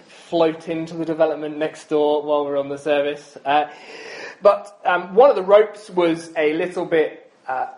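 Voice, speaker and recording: A man's voice: a little high, steady tone, normal speed, a little mellow, low-quality recording. A man in his thirties preaching a sermon in a chatty, self-deprecating way, with frequent ums and asides.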